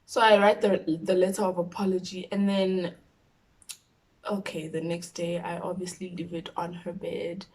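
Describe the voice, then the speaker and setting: A young woman in her twenties with a South African accent, telling a personal story on her vlog in an expressive, animated way. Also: lowish voice, normal speed. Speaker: YouTuber.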